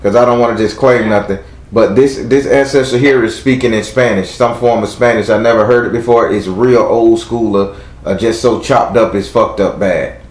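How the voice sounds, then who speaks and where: A man's voice: lowish voice, steady tone, normal speed, darkish tone, reverberant, rough recording. A man with a Southern US accent giving a live tarot reading to a caller, blunt and chatty, talking aloud to spirits as he goes. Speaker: tarot reader.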